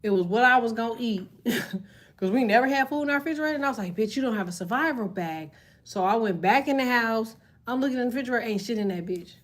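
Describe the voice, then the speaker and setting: Woman streamer, AAVE speaker, animated and profane storyteller, slightly high-pitched. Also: quick pace. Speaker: live streamer reading chat. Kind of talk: casual storytelling chat.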